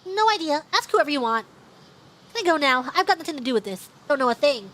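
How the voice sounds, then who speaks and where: A woman puts on a brusque, suspicious townswoman from a mystery game, clipped and snappy, pitched a little high and pushed loud. Her lines come short and defensive, with a bright, sharp edge. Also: sing-song, fast, a little hiss or hum.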